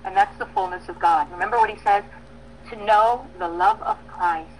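A woman preaching a sermon, emphatic, with bursts of loud stress and soft pauses, acting out prayers and dialogue. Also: medium pitch, lively intonation, slight background noise, rough recording. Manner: acts out prayers and quoted dialogue.

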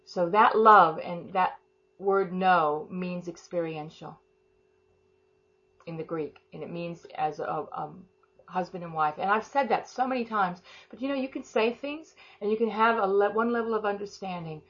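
A woman leading an informal devotional talk and prayer, soft and fervent, rambling with many restarts. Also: lowish voice, normal speed. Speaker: prayer and teaching leader. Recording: slightly dull lo-fi sound.

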